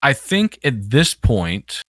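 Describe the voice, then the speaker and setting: A man's voice: medium pitch, sing-song, takes it slowly, a bit bright, dry recording. Guy rambling through clip commentary on a podcast, dead dry mic. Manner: rambling, many restarts. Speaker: podcast co-host. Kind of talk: casual commentary over video clips.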